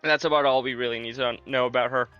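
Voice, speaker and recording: A man's voice: mid-range voice, fairly even intonation, racing, sharp tone, clear, resonant tone, lo-fi sound, faint music behind. A man streaming a video game live, chatting casually and joking with his viewers.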